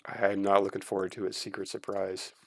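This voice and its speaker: A man's voice: deep voice, completely flat delivery, a little fast. A man streaming casual reaction commentary, blunt and critical, swearing freely.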